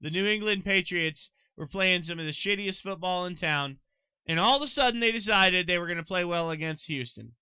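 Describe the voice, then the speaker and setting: A young man with a twang rattles through a solo sports podcast in a bright, sharp voice that sits a little high. He is excitable, talks right to his listeners and swears freely. The sound is crisp and dry, close on the mic. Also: brisk, no room sound, low-quality recording. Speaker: podcast host.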